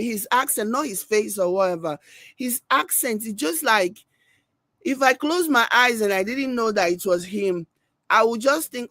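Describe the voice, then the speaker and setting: A woman's voice: fairly high pitch, normal speed, a bit bright, no echo. A woman with a Nigerian accent hosting a reaction video, commenting in an emphatic, scolding way with pidgin asides.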